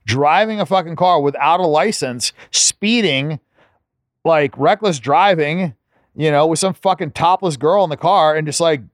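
A man's voice: fairly high pitch, measured pace, no echo, clean studio sound. A man telling stories as a podcast guest in a laid-back, profane way, full of filler words. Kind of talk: casual storytelling.

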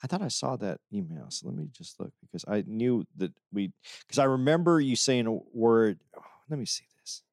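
A man co-hosting a comedy podcast in easygoing chat, laughing often and pitching ideas. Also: lively intonation, fairly quick, few pauses, a little mellow, no echo, studio quality. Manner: laid-back, laughs often, feeds ideas. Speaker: podcast co-host.

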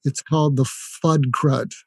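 A man's voice: mid-range voice, fairly even intonation, a little slow, gravelly, slightly rough, no room sound, studio quality. An older retired man giving communication tips in an interview, explaining with examples and acted-out phrases. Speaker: guest, communication expert. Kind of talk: instructive interview talk.

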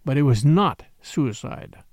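A man voicing a small, earnest older priest who speaks gravely and pleads intensely. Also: mid-range voice, expressive, measured pace, darkish tone, no echo.

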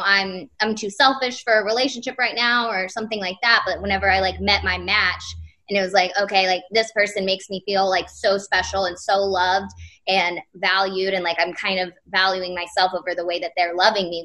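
A woman hosts a podcast in a candid, personal conversation. Her voice is bright and crisp, and she speaks hesitantly with many fillers as she works through her thoughts. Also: medium pitch, fairly even intonation, fairly quick. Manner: hesitant, searching for words. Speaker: podcast host.

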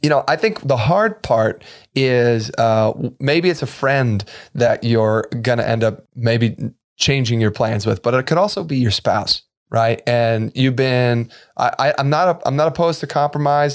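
A man co-hosting a podcast, rambling through his points with lots of restarts and animated emphasis. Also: mid-range voice, normal speed. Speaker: podcast co-host. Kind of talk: casual podcast chat.

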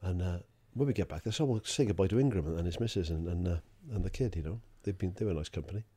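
Swearing podcast co-host telling a story. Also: male voice, sits low, rapid-fire, dark tone, slightly rough. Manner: swears freely, laughs through his story. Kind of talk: casual anecdote telling.

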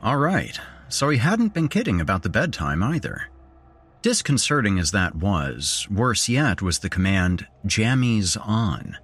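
A man's voice: lowish voice, sing-song, unhurried, a bit bright, breathy edge. A man narrating a first-person horror story as a podcast host, telling it expressively.

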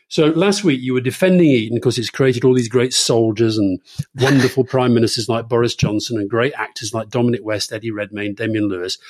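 A man's voice: mid-range voice, darkish tone. A man co-hosting a political podcast, chatting casually in a teasing, mock-indignant way. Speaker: podcast co-host.

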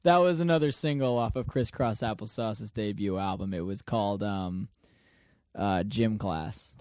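A man's voice: fairly low pitch, normal speed, darkish tone, dry recording, studio quality. A man in his twenties co-hosting a podcast in casual chat, joking, laughing often and telling stories with quoted voices. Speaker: podcast co-host.

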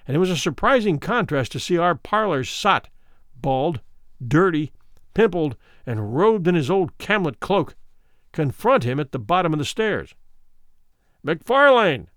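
A man reading a classic story aloud, measured and expressive, his pitch moving a great deal through each sentence. His voice sits slightly high, and the recording is dry and close with no room sound. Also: no room sound. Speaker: narrator.

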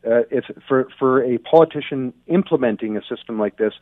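Speaking fairly quickly in a medium-pitched voice, a guest commentator from Ontario shares blunt opinions by phone. The line is tinny and dry with no echo, and he keeps restarting his sentences.

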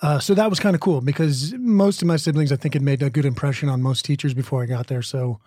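A middle-aged man from the Midwest, an actor guest chatting casually in an interview, telling stories in a relaxed, rambling way with many restarts. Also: mid-range voice, fast talker, no echo, clean studio sound. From American Midwest.

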